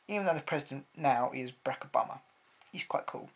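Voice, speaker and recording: A man's voice: medium pitch, fast, creaky. A man from Britain, rambling through a casual opinion vlog with blunt words and lots of hesitations. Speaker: vlogger.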